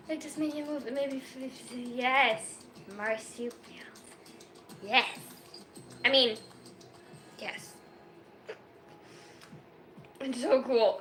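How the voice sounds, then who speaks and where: A woman in her twenties from Germany, chatting casually on a livestream over her phone, excitable and giggly with rambling self-mocking jokes. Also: high voice, a little slow, pauses often, slight background noise. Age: 20s. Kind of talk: casual chat.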